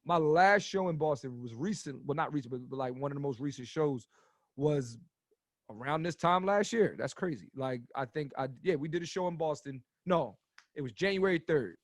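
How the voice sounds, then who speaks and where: A man in his thirties, a stand-up comedian guest on a podcast, telling stories in a rambling, animated way full of filler words. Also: fairly high pitch, normal speed, no echo. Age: 30s. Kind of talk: casual podcast storytelling.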